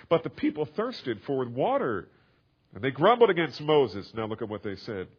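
A man delivers an expository sermon in a mid-range voice, walking listeners through a scripture passage. He explains calmly, then builds into emphatic, raised passages. The recording sounds slightly muffled. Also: mid-range voice, normal speed, breathy edge. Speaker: preacher. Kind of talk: sermon, expository Bible teaching.

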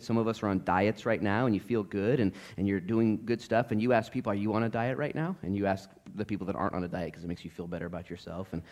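Middle-aged guy pastor preaching, jokey and animated, gets loud then goes real quiet. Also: on the low side. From Oregon coast, USA. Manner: animated and joking, swinging from loud to hushed, mimicking voices. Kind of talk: sermon.

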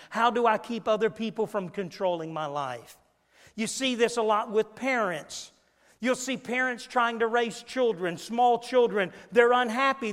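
A male preacher delivering an emphatic sermon, rising to loud peaks and dropping low again. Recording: long echo in a large hall.

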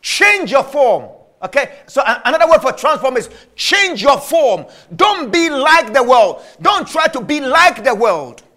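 High-pitched, bright-voiced male preacher. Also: sing-song. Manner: emphatic, repetitive, drawn-out stressed phrases. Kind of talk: sermon.

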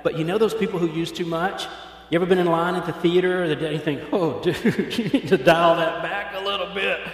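A man preaching a sermon in a casual, joking way, acting out little voices as he retells the story. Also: on the high side. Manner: conversational and joking, acts out voices. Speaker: pastor. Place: church hall with congregation. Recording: echoey hall.

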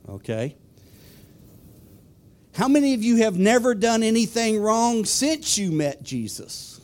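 A man's voice: high voice, very animated, unhurried, a little mellow. A man preaching a sermon who asks the congregation questions and then tells a personal story.

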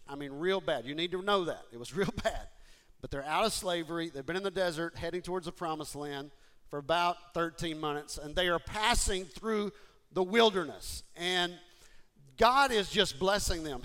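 This man delivers a casual sermon, speaking straight to his listeners. His voice sits high and comes across bright and forceful. He talks with lively energy and often stumbles into quick restarts. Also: clear, resonant tone. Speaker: preacher.

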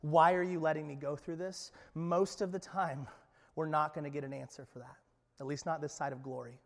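A male pastor with a notably high voice delivers a lively sermon. He speaks conversationally, acts out Bible voices and repeats words as he goes. The sound carries a long reverb from a church hall. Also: brisk.

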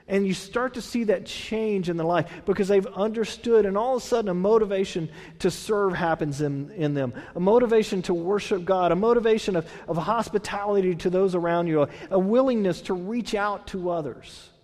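High-voiced man preaching in a hall. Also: fairly quick, hardly any pauses, darkish tone. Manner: conversational preaching, reads scripture then explains it; restarts and repeats words, asks the congregation questions. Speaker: pastor. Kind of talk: sermon.

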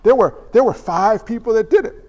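A man preaching a sermon as pastor, animated and acting out little voices along the way. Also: sits high, a little fast, big-room sound.

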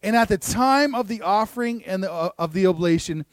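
A man's voice: sits high, animated, fairly quick, dry recording, clean studio sound. A man preaching a sermon and reading scripture aloud, earnest and emphatic, with asides and small restarts. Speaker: pastor. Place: church room.

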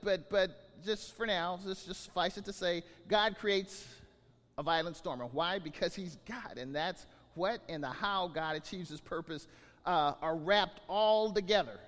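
A man preaching a sermon as pastor, animated, often repeating words as he acts out scenes. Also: high-pitched, long reverb tail.

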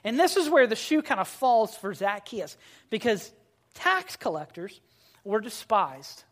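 A pastor delivers a morning sermon in a measured, emphatic way. Important phrases come twice, spoken slowly. Line endings sink low and soft before the next thought picks back up. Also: sing-song. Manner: emphatic, slowing and dropping quiet at phrase ends; repeats key phrases for weight.

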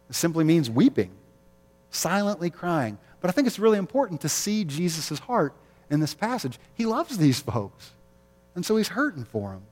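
Male pastor, sermon, conversational, rhetorical questions, slightly high voice, echoing church hall. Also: a little mellow.

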